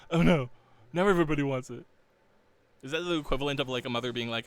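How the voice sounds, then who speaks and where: A man's voice: mid-range voice, fast. A man streaming live while he draws, rambling casually, chuckling often and reading chat aloud. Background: faint game soundtrack music.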